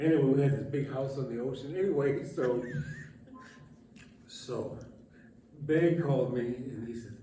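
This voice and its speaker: A man's voice: mid-range voice, steady tone, a little slow, long pauses, mellow, a little hiss or hum. A man, a former police chief, telling a humorous story to an audience at a church meeting, laughing often and acting out the quoted dialogue. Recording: echoey hall from far off.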